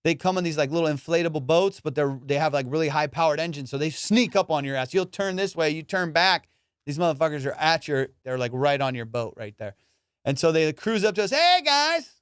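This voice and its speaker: Animated, profane male comedian telling stories. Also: a little high, fairly quick, clean tone, no echo, clean studio sound. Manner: animated and profane, with lots of fillers. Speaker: podcast host and comedian. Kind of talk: casual comedic storytelling.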